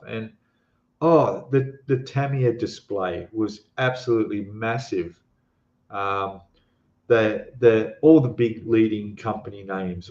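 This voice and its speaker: A man's voice: fairly low pitch, a little mellow. A man with an Australian accent, hosting a live stream and chatting casually with viewers, rambling with lots of fillers and restarts. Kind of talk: casual live stream chat reading comments. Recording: echoey room, dull lo-fi sound.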